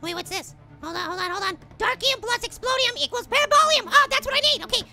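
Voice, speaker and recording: A squeaky tiny cartoon apple. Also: male voice, animated, fast, bright, forceful tone, faint music behind, exaggerated voice. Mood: flustered. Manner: frantic, flustered and rambling. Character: tiny male apple, jittery and whiny. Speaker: gaming host. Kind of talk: cartoon let's play commentary.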